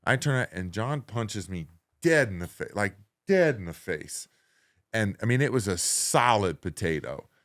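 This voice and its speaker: A man in his forties, a guest on an interview show, telling a story in a lively way that swings between loud excited bursts and quiet low asides. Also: normal speed. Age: 40s. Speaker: guest, professional wrestler.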